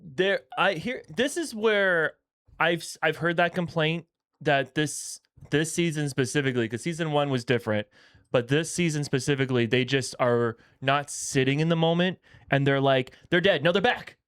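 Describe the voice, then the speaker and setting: A man co-hosting a podcast, talking in an animated, emphatic way, often restarting his sentences. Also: on the high side, moderate pace, clean tone, dry recording, clean studio sound. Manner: animated, self-correcting, emphatic. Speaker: podcast co-host. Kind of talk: casual chat.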